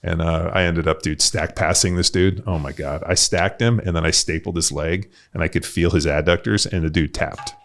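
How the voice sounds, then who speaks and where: A middle-aged man hosts a casual podcast, his very deep voice rough with gravel. He tells stories with a joker's timing and laughs easily at his own lines. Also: steady tone, moderate pace, hardly any pauses, fairly bright tone. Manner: joking storyteller, laughs often. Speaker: podcast host.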